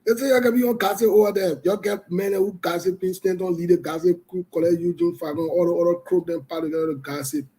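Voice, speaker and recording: A man's voice: sits high, fairly even intonation, fast talker, few pauses, mellow. A man hosting a livestream, chatting casually and teasing viewers in a playful, repetitive way. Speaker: online show host. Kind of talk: casual livestream chat reading viewer comments.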